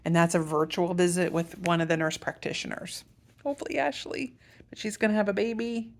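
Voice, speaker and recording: A middle-aged woman with a low, gravelly voice gives a casual vlog update. She rambles and corrects herself as she walks through her medication plan. She talks like she is chatting to a friend. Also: fairly quick. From Iowa, USA. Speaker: patient sharing a health update.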